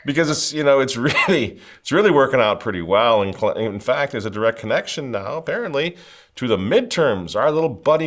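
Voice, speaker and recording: A man's voice: medium pitch, very animated, fairly quick, fairly bright tone. A man hosting political commentary, mocking and sarcastic with wry asides. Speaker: host.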